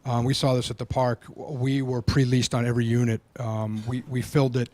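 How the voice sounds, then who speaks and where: Halting man explaining housing plans. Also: mid-range voice, level tone, dark tone. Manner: hesitant, many restarts, explanatory. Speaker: housing developer. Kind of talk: public meeting presentation.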